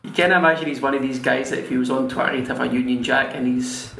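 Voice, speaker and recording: A man's voice: mid-range voice, fairly even intonation, fast, gravelly. A Scottish man in casual chat, rambling and restarting his sentences. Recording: echoey room with faint noise.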